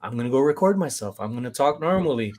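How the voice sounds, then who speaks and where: A man hosting a relaxed conversation, full of animated storytelling. He slips into quick voices to act out what others said, and his pitch sits in an ordinary middle range. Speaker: podcast host. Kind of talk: casual chat.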